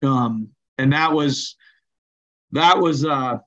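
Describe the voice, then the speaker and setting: A man, a hockey coach and general manager, telling stories as a guest in an interview and lively acting out the people in them. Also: high voice, moderate pace, dull audio. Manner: animated, acts out voices while telling stories. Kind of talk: conversational interview storytelling.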